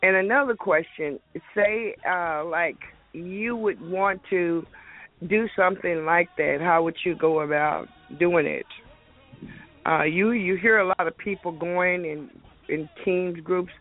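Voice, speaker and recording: A woman's voice: fairly low pitch, measured pace, soft background music. A woman calling in to a show, rambling hesitantly and repeating her words. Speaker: caller. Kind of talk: casual call-in question. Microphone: phone. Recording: tinny phone line.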